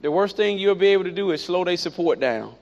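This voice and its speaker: A man preaching a sermon, animated and repetitive, with playful asides. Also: high-pitched, quick pace. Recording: dull lo-fi recording.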